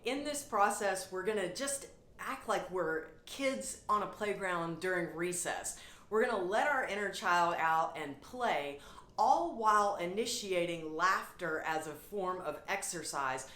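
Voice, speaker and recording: Slow, cheerful woman teaching laughter yoga. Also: on the low side, lively intonation, a bit bright, echoey room. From Atlanta, Georgia, USA. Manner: cheerful, inviting instructor who chants and laughs along. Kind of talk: guided laughter yoga class.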